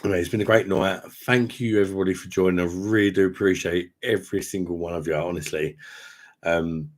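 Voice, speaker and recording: A man's voice: low-pitched, steady tone, brisk. A tipsy man, chatting casually and rambling through a beer live stream at home, matey and swearing freely. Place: home room with sound panels.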